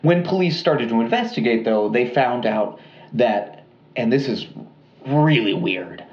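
A man's voice: mid-range voice, echoey room, dull audio. Chatty man telling a true crime story. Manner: relaxed, rambling with fillers and restarts. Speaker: podcast co-host.

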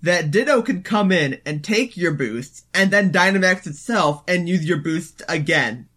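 A man co-hosts a laid-back gaming podcast and talks animatedly, full of filler words. His voice sits somewhat high for a man. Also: unhurried. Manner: animated, lots of fillers like "it's like". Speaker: podcast co-host. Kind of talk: casual gaming podcast chat.

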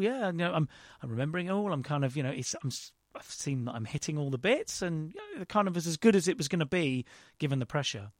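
A man's voice: fairly high pitch, big pitch swings, fast talker, hardly any pauses, no echo, clean studio sound. A man, a guest in an interview, telling a rambling, self-deprecating story with frequent restarts. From London, England. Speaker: actor and director guest. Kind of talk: casual interview chat.

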